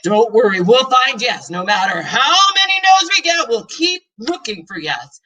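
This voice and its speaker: A woman's voice: a little high, sing-song, normal speed, pushed and bright, recorded from a distance, exaggerated voice. A woman reading the lines of a patient father in her humor story, in a plain storytelling voice. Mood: reassuring. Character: the narrator's patient middle-aged father.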